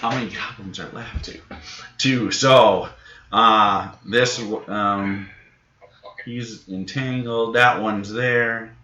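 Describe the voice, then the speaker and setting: A man narrating as game master in a relaxed, halting way, full of fillers. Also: lowish voice, highs cut off. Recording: echoey room recording, some noise.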